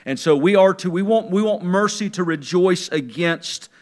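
A man with a high-pitched voice preaches a sermon, moving between quiet musing and loud, emphatic preaching. He stretches out key words slowly.

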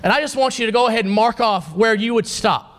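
A man with a high-pitched voice preaches a sermon. He reads scripture aloud and keeps asking the congregation questions. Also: fast, a bit bright.

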